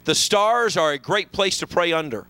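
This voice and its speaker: A high, bright male voice preaching a sermon in a church. He moves from soft, murmured passages to sudden shouted climaxes, and his pitch roams all over. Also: expressive, moderate pace, clean tone, no echo, low-quality recording. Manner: fervent preaching, sweeping from hushed lows to shouted highs. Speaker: pastor. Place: church sanctuary.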